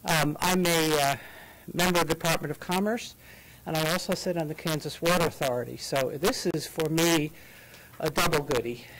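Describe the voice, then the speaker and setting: A woman's voice: low voice, steady tone, normal speed, slight background noise, rough recording. A woman giving a public comment at a city council meeting. She is out of breath and talks with enthusiasm and many fillers. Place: council chamber.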